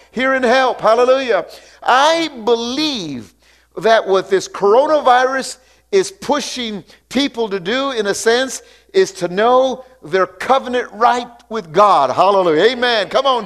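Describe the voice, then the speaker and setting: Male pastor with a high voice, preaching, reading scripture aloud and calling out hallelujahs. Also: a bit bright. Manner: preaching with call-outs and repeated hallelujahs; reads scripture aloud and comments on it. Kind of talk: sermon.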